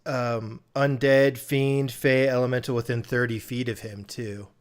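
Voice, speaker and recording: A man playing a tabletop game in a relaxed, offhand way, reassuring the others. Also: mid-range voice, measured pace, clear, resonant tone. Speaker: player. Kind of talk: casual tabletop play.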